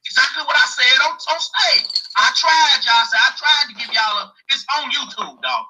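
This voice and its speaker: A man telling a story on a talk show, animated and profane, acting out what other people said. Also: very high voice, moderate pace, a little hiss or hum, rough recording.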